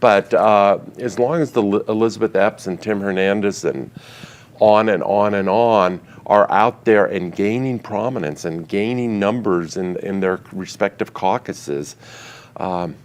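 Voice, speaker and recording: A man's voice: fairly low pitch, measured pace. A man who is a political strategist, giving a wry, analytical take on a panel. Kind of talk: panel discussion.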